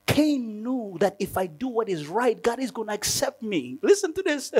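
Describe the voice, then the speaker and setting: High male preacher, lively delivery, laughs a lot, acts out prayers in a sermon. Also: moderate pace, husky. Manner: animated, laughing often, acting out prayers.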